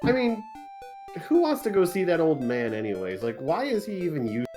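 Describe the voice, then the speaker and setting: A man's voice: a little high, wildly swooping pitch, moderate pace, over music. A man doing color commentary at a video game tournament, joking and laid-back.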